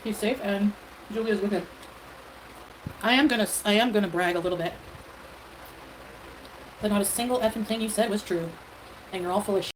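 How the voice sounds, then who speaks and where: A woman livestreamer talks in a loose, rambling way, defending herself and leaning on fillers. Her pitch sits in the middle. Clear background noise runs under the stream audio. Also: fairly quick, pauses often, rough recording. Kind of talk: casual livestream talk.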